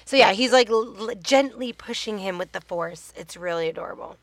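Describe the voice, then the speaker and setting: A woman's voice: mid-range voice, a little fast, no room sound. A woman co-hosting a casual podcast, chatting and swearing casually while recapping a TV show, self-mocking. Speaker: podcast co-host.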